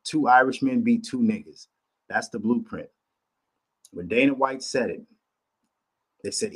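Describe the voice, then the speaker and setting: Man, podcast host, casual rant, profane and emphatic, mid-range pitch. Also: normal speed, pauses often, breathy edge. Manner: profane, emphatic, repeats himself.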